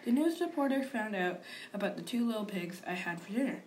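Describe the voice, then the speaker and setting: A woman's voice: mid-range voice, expressive, fairly quick, a little mellow, slight background noise, natural voice. A woman reading aloud as a male wolf narrator, telling his side of the story in an aggrieved, confiding manner. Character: wolf, male, self-pitying and sly.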